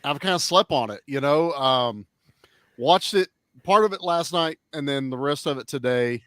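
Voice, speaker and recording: A man in casual chat, reviewing a film with blunt, profane and animated talk. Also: on the high side, normal speed, no room sound, studio quality.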